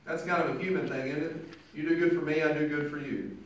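A man's voice: on the high side, fairly even intonation, fast talker. Man preaching in an echoey church. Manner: emphatic preaching, acts out quoted speech. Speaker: pastor. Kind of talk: sermon. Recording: very echoey church hall, mic from far off.

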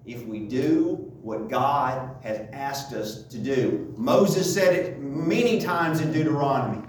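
A man's voice: medium pitch, lively intonation, slow pace, slight background noise. A man teaching a Bible study lesson, asking rhetorical questions and checking in with his listeners as he goes. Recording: echoey room, voice from far off.

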